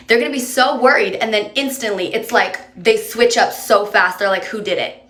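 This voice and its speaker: A woman's voice: on the high side, moderate pace, a bit bright. A woman giving casual, direct advice to camera in a chatty way, coaxing the listener along. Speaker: advice creator. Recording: roomy echo.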